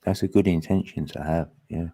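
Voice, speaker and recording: Gravelly Cockney man in casual chat. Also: low voice, steady tone, mellow. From England. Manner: easygoing, quick agreeing interjections.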